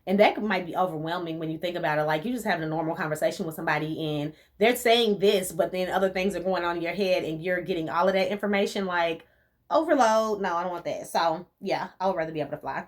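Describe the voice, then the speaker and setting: A young woman from the rural US chatting casually as a vlogger answering viewer questions, animated and laughing often, with relaxed slang. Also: fairly low pitch, fast. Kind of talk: casual chat.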